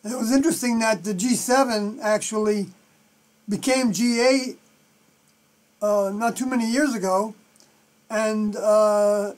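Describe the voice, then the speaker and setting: A live stream host with a New York accent, thinking aloud through scripture commentary and often trailing off softly. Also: mid-range voice, steady tone, a little slow, long pauses.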